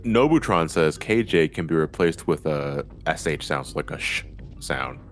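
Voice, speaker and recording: A man's voice: rumbling low, animated, a little slow, soft background music. A man hosting a gaming livestream, chatting casually and reading out donations with jokes and swearing. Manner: profane, joking and laughing often. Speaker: livestream host.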